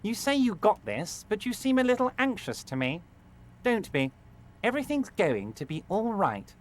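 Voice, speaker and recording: High bouncy smooth-talking boss, syrupy and pompous, video game. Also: male voice, big pitch swings, moderate pace. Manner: syrupy, falsely reassuring, pompous. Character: smooth-talking, self-important middle-aged male boss. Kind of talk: video game character acting.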